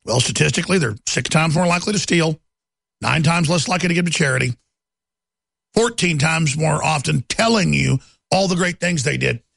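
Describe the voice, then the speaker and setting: A man's voice: on the high side, a little fast, gravelly, fairly bright tone, dry recording. A man hosting a talk show, delivering a heated political monologue in a contemptuous, ranting way with stammered repeats.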